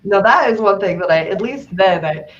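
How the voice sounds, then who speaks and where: Animated laughing woman with a lively voice. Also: mid-range voice, normal speed, soft background music. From grew up on a horse farm. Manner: animated storyteller, laughs often, acts out quotes. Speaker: co-host. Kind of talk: casual chat. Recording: dull lo-fi sound with faint noise.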